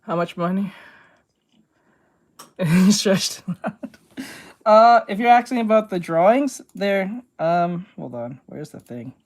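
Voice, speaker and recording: A woman's voice: medium pitch, expressive, slow pace, pauses often, a little mellow. A woman art streamer in casual live-stream chat, slangy and calling her viewers bro.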